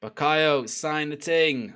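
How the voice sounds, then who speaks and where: Young guy doing a live footy watchalong, chatty, laughs a lot, yells at the players. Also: on the high side, takes it slowly, clean tone. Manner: chatty, swears, shouts at the players, laughs often. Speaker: football watchalong streamer. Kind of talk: casual live match reaction.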